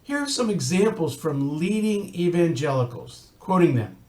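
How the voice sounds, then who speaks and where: A rabbi giving an earnest recorded talk, telling a story and adding wry asides. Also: male voice, a little high, expressive, normal speed, darkish tone, echoey room.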